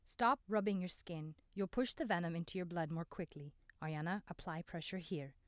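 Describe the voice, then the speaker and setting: A woman playing a calm, steady male healer. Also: lowish voice, moderate pace, no room sound, studio quality, lightly acted. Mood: instructive. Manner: steady, instructive.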